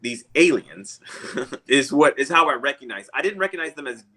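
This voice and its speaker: A man's voice: medium pitch, expressive, moderate pace, bright, forceful tone, slightly rough, poor audio. A man, a guest, telling a long personal story in a casual, rambling way and chuckling often.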